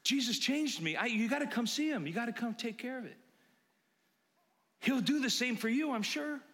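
An overjoyed village woman, as a preacher puts her on, tumbling over her words as she urges everyone to come and see. The voice sits high and bright, with plenty of edge. A long reverb trails behind it in a big hall. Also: expressive, heavily acted. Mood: urgent. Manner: rushed, pleading, exclamatory. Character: overjoyed Samaritan village woman, breathless and eager.

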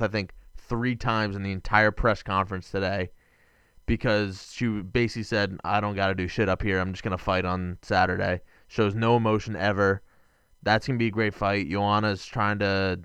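Smooth-voiced young man chatting sports. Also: on the low side, a bit bright, dry recording. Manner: rambling, self-correcting, enthusiastic. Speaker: podcast co-host. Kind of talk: casual sports chat.

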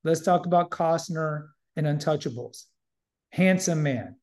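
A man's voice: fairly high pitch, measured pace, a little mellow. A man hosting a podcast in casual chat, opinionated and emphatic, often repeating himself. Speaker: podcast host.

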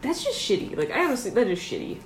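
Woman, podcast co-host, casual chat, laughs a lot, swears casually, animated pitch, roomy sound. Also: slight background noise. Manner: laughs often, quick asides, swears casually. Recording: echoey room.

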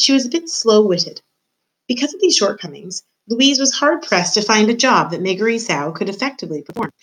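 A woman teacher reading a novel aloud to her students, expressive and addressing the reader directly. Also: medium pitch, rough recording. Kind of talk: read-aloud storytelling.

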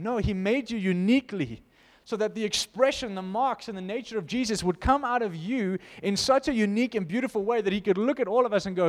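In a large church hall where his voice trails off in long reverb, a high-voiced pastor preaches to his congregation. His sermon shifts between quiet, intimate moments and loud, fervent ones. He speaks briskly with lively intonation and hardly any pauses.

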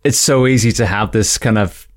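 A man hosting a podcast interview, talking in an earnest, measured and reflective way. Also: lowish voice, dry recording, studio quality. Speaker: podcast host. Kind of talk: casual interview conversation.

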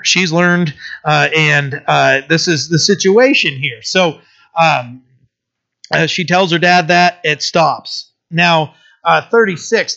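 A man giving a conversational Bible teaching in an animated way, often asking "right?" and reading the verses slowly. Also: high voice. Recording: dull lo-fi recording.

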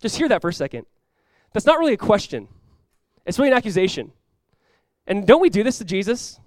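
Animated preaching man, dry close sound. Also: sits high, fairly quick, dry recording. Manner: animated preaching, acting out dialogue with sudden loud outbursts. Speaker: pastor. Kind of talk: sermon.

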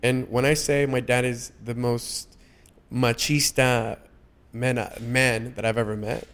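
Man speaking haltingly, mid-pitched. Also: little pitch movement, a bit bright, clean tone. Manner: halting, many restarts and fillers. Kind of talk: casual heartfelt conversation.

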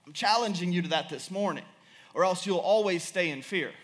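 Young guy preaching, high bright voice, animated and repeats himself a lot. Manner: animated, repetitive, quick to laugh and rise in pitch. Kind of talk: sermon.

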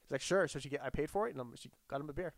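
A man's voice: fairly high pitch, very fast, gravelly, no room sound. A man chatting casually, rambling through a story full of restarts and quoted dialogue.

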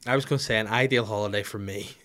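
A man's voice: on the low side, fairly even intonation, racing, a bit bright. A man, hosting a podcast in casual, rambling comic banter full of crude jokes. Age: 30s. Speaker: podcast host. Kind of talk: casual chat.

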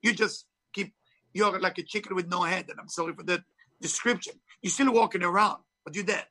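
Speaking emphatically in an interview, this heavily accented author and spiritual teacher has a high-pitched, sharp-toned voice at a fairly quick pace. He comes across as preachy, with phrasing that marks him as a non-native speaker.

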